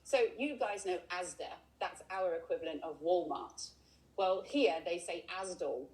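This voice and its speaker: A woman's voice: fairly low pitch, animated, moderate pace, a little mellow, poor audio. Chatty English woman guiding a tour. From England. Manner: chatty, explanatory, with frequent ums. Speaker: tour guide. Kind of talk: live walking tour chat. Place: outdoors by a river. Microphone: video call.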